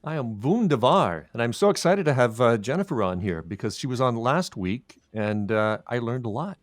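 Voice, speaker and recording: A man, the show's producer, chiming in with playful soft-spoken asides. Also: mid-range voice, lively intonation, moderate pace, no room sound, clean studio sound. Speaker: producer and co-host. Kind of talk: casual podcast chat.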